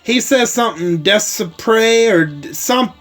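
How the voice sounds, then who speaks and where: A man with a fairly high voice hosts a laid-back spoken episode recap. He takes his time, leaning on "like" and "uh" as he rambles through the story. Faint music plays underneath. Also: slow pace, fairly bright tone. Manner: rambling, heavy on fillers like "like" and "uh", with casual swearing.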